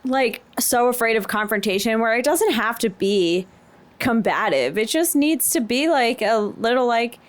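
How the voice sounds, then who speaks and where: Woman, podcast co-host, casual chat, wry, very lively pitch. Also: normal speed. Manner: wry, argues her point with many "like"s.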